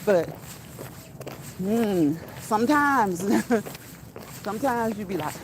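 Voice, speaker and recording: A woman's voice: mid-range voice, lively intonation, slow, pauses often, a little hiss or hum, low-quality recording. Chatty woman vlogging on a walk. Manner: chatty, laughs often, repeats phrases for emphasis. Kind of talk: casual walk-and-talk vlog. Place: outdoors on a walk.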